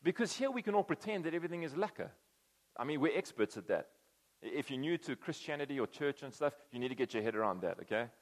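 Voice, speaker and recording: A man's voice: fairly high pitch, big pitch swings, quick pace, big-room sound. A man preaching a conversational sermon, acting out quoted voices as he tells the story. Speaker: pastor.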